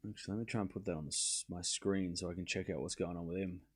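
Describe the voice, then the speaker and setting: A man hosting a live tennis watchalong stream, calling each rally shot by shot and chatting with his viewers in an excitable way. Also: sits low, fast, slightly rough. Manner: excitable, calls rallies shot by shot and talks to chat. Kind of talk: live play-by-play commentary and chat.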